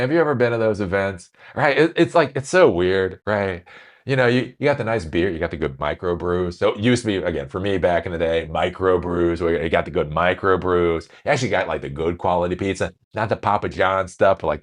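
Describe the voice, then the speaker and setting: A man hosting a podcast news commentary, animated and sarcastic, switching between reading news excerpts and ranting. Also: sits low, moderate pace. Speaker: host.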